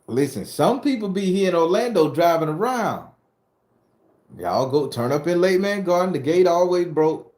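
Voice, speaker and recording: A man's voice: fairly high pitch, sing-song, moderate pace, darkish tone, roomy sound. A middle-aged man from southern Florida chats casually with his live-stream viewers. He tells stories in a loose, joking way and swears freely as he answers their questions. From southern Florida, USA. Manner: loose, profane, joking storyteller talking to chat. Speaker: host of a spooky-story channel.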